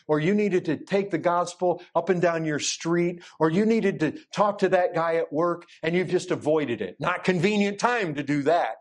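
A middle-aged man preaching a sermon, emphatic and direct with the congregation, often repeating words for force. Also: high-pitched.

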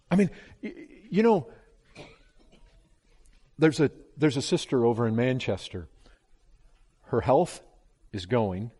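A man preaching a sermon with fervor, swinging from hushed pleading to loud, impassioned calls. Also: medium pitch, very animated, takes it slowly, pauses often, breathy edge. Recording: long hall reverb.

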